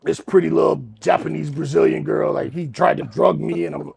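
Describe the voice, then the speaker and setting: A podcast co-host spins a rowdy anecdote, swearing freely and acting out every beat. His voice sits fairly high for a man but comes out rough with a heavy fry and a husky edge. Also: a little fast. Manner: animated, profane, acts out scenes. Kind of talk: casual storytelling.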